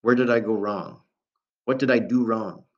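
A man's voice: on the low side, moderate pace, close to an everyday voice. A man reading aloud, voicing a middle-aged father whose bitter, cracked voice rises in anger. The recording sounds dull and lo-fi. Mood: grieving.

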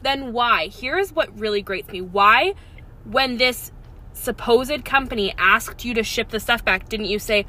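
A woman chatting from a parked car in a bright, slightly high voice. She chimes in with quick interjections and irritated asides. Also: expressive. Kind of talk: casual chat.

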